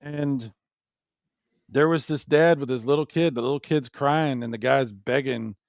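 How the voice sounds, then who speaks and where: A man co-hosting a casual podcast chat, telling animated stories and acting out what people said. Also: medium pitch, unhurried, vocal fry, no echo, clean studio sound. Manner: animated storyteller, acts out quotes. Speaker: co-host.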